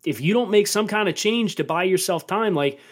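A man co-hosting a football podcast, talking through draft takes in a measured, analytical way. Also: high-pitched, expressive. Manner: measured analysis, turns incredulous and emphatic when joking. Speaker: podcast co-host. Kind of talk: casual sports podcast chat.

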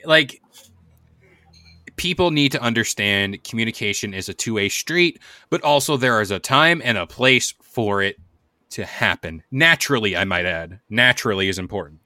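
A man hosts a podcast, talking loosely and jokingly. His voice is bright and forward, recorded dry and close with no room sound. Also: on the low side, lively intonation, moderate pace, no echo. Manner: laid-back, rambling, jokey. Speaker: podcast host. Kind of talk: casual chat.

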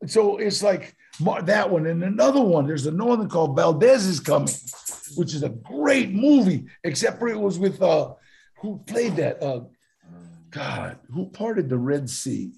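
An older man, a guest actor telling stories in casual talk, animated and halting with many fillers. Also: fairly high pitch. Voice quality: gravelly, husky voice. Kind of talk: casual storytelling.

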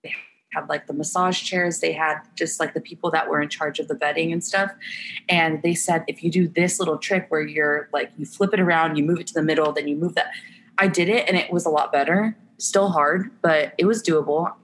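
A young woman, an Olympic softball player, chatting candidly as a podcast guest with lots of laughter and filler words. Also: low-pitched, fairly even intonation, fairly quick, slight background noise. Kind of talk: casual podcast chat.

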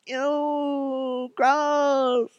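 A man voicing a squeamish teenage valley girl in a shrill, drawn-out whine. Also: flat delivery, no room sound, highs cut off, full character voice. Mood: disgusted.

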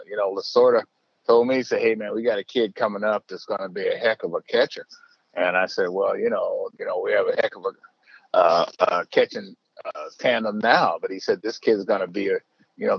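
An older man with a lowish voice tells stories in a loose, rambling way, leaning on fillers and restarting his sentences. The recording is dull and lo-fi, with a dry, close sound. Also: vocal fry, breathy edge, dry recording. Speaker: baseball manager, interview guest. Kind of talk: casual storytelling.

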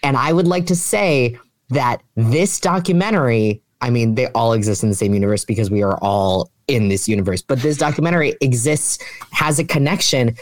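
A podcast co-host in casual chat, enthusiastic, with quick asides. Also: mid-range voice, no echo.

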